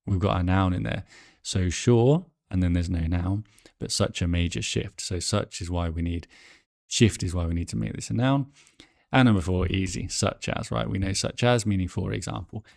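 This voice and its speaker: A low, gravelly male voice walks learners through exam answers in a chatty way, thinking aloud and correcting himself. The sound is dry and close. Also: moderate pace, darkish tone, dry recording. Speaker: English exam teacher.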